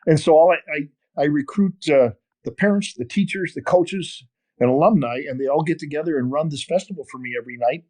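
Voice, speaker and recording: An older man from northern Wisconsin telling a long story in an interview, animated and full of restarts. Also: a little high, fairly quick. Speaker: podcast guest, fishing TV host. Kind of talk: storytelling interview over a call.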